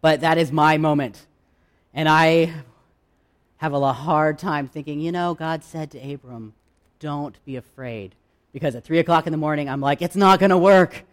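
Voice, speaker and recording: A male pastor delivers a sermon to his congregation. His voice sits a little high for a man, and he talks candidly and conversationally, pausing for effect. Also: steady tone. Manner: conversational, candid preaching with dramatic pauses.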